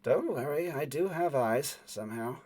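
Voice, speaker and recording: A man voicing a cool, smooth-spoken woman who is condescending. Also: on the high side, lively intonation, darkish tone. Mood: amused. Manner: smooth, dry, unhurried.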